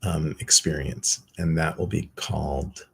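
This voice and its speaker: A man's voice: extremely low pitch, fairly even intonation, measured pace, vocal fry, fairly bright tone, slightly rough. A man hosting a meditation group livestream, giving casual, chatty announcements with a loose, self-teasing manner.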